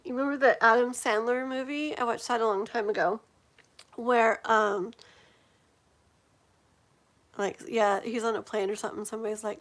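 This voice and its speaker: A woman in her forties with a slightly high voice hosts a live tarot stream. She chats loosely and rambles, scattering fillers and giggles as she talks to her viewers. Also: fairly even intonation, moderate pace, fairly bright tone. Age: 40s. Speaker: tarot reader hosting a livestream. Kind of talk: casual livestream chat.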